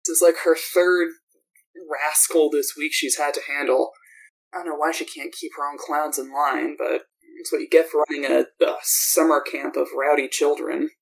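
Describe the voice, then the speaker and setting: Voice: medium pitch, steady tone, moderate pace, gravelly, poor audio. A game master narrating a tabletop game in a loose, rambling way full of fillers.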